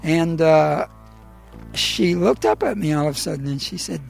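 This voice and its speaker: A middle-aged man telling his own personal story in a halting, emotional way, with many pauses and fillers. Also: a little high, expressive, vocal fry, soft background music.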